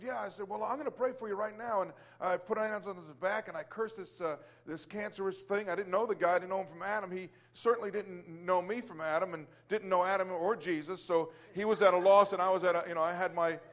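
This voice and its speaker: A man's voice: sits high, a bit bright. A man telling a casual faith testimony about praying for a client, rambling with many restarts and fillers and exclaiming Hallelujah. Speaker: Christian business owner sharing testimony.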